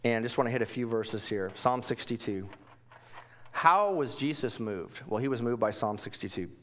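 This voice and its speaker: A man preaching a Bible lesson in a casual, conversational way, asking questions and swinging from quiet asides to emphatic bursts. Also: medium pitch, expressive, moderate pace. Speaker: pastor. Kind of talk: Bible teaching sermon.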